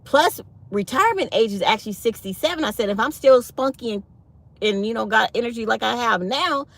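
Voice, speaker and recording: Brief: woman, fifties, channel host, animated storyteller, high voice that swings widely. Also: a little fast. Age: 50s. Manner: animated storytelling with acted-out quotes. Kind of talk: casual chat to live viewers.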